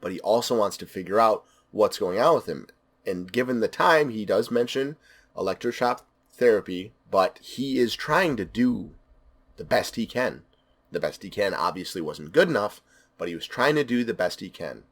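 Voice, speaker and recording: A man's voice: lowish voice, lively intonation, moderate pace. A man giving a casual spoken movie review, enthusiastic and repeating words for emphasis.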